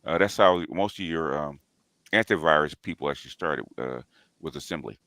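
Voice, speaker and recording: A man's voice: extremely low pitch, moderate pace, no room sound. A man chatting casually on a livestream, rambling and restarting his sentences. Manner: rambling, restarts often, laughs loudly.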